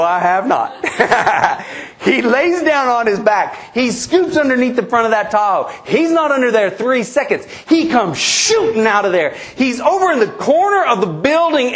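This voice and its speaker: A middle-aged man from eastern New Mexico telling a funny story at a conference, animated, laughing at his own tale and acting out the other people's lines. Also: very high-pitched. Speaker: conference speaker. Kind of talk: humorous storytelling keynote. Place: convention presentation.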